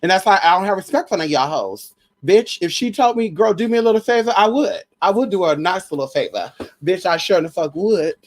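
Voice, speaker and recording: A woman vlogger in a casual, profane gossip rant, brash and sassy, full of pet names and shout-outs, sometimes jumping into a shrill, mocking high voice. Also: animated, fairly quick. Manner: mocks others in a shrill high voice.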